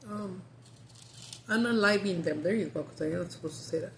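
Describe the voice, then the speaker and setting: A woman's voice: on the low side, brisk, slight background noise. A woman chatting casually as a vlogger, talkative, swearing freely and laughing often. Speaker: mukbang vlogger. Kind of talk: casual chat.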